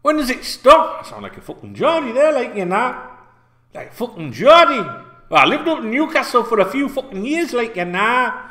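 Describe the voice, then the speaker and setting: Sweary ranting Yorkshireman, animated pitch. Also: moderate pace. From North Yorkshire, England. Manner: sweary, repetitive, heated ranting. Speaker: football fan channel host. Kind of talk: ranting football fan vlog. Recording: echoey room.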